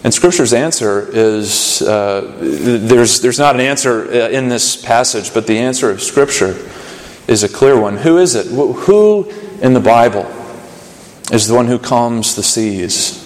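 A man's voice: mid-range voice, normal speed. A man preaching a sermon, earnest and building to urgent questions, with fillers and restarts. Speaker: pastor. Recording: echoey hall reverb.

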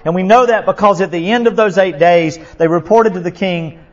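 A male pastor preaching a sermon, impassioned and repetitive, swinging from loud to hushed. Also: high voice, a little fast. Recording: dull lo-fi sound.

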